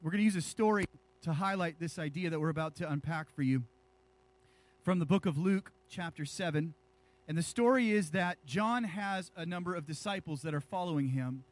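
A male pastor delivers a lively sermon to his church. His voice sits notably high for a man, and he preaches with animated energy, joking with the congregation between scripture readings. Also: brisk.

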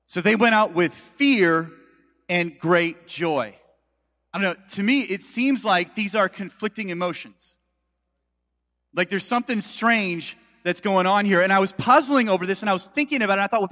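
High-voiced pastor in a reverberant hall. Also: male voice, bright, forceful tone. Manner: storytelling, conversational with asides to congregation. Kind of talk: sermon.

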